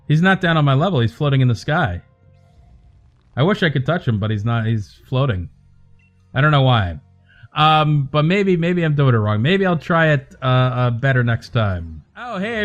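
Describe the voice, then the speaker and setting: A man hosting a livestream, chatting casually to viewers in a calm, soothing voice and rambling from joke to joke. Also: a little high. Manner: rambling, joking, talks to chat by name. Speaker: livestream host.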